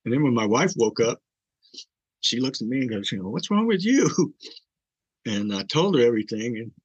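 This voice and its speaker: A man's voice: medium pitch, a little fast, slightly rough, no echo, muffled recording. An older man, a podcast guest, earnestly telling an emotional personal story with fillers and restarts.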